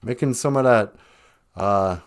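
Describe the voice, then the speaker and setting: On a podcast, a storyteller with a lowish voice retells a traditional tale a little slowly. His delivery is casual and chatty, sprinkled with joking asides.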